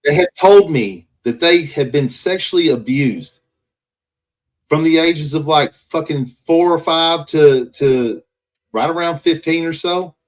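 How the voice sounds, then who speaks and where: A man's voice: a little high, unhurried. Man ranting, heavy swearing. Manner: heated, profane ranting. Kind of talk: casual chat.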